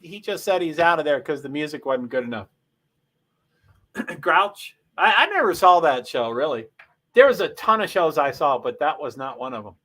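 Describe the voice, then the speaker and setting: Rambling man with a high, bright voice. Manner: rambling, self-interrupting, frequent throat clearing. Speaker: livestream host. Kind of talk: casual live race commentary.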